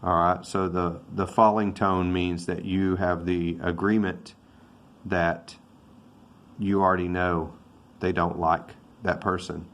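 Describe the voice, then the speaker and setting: Very low-voiced man teaching English casually. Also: flat delivery, slow, fairly bright tone, slight background noise. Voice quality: loose, self-correcting, thinking aloud. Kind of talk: casual video lesson on intonation.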